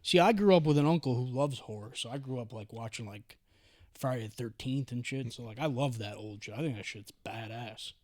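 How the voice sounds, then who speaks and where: A man's voice: medium pitch, a little fast, no room sound, studio quality. A young man hosting a podcast, chatting casually, swearing freely and packing his talk with "dude" and "like". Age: young adult. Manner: profane, excitable, says "dude" and "like" a lot. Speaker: podcast host. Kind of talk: casual chat.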